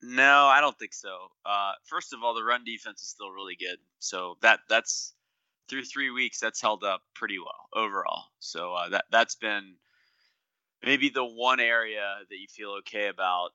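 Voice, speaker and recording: A man co-hosting a sports podcast, talking in a relaxed, analytical way. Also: fairly low pitch, normal speed, clean tone, dry recording, muffled recording. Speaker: podcast co-host. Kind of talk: casual chat.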